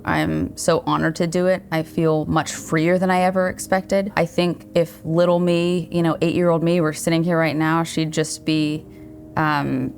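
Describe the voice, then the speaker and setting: A woman in her thirties, a writer being interviewed, speaking earnestly and thoughtfully with frequent restarts. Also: sits low. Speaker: guest, writer and showrunner. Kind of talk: reflective interview conversation.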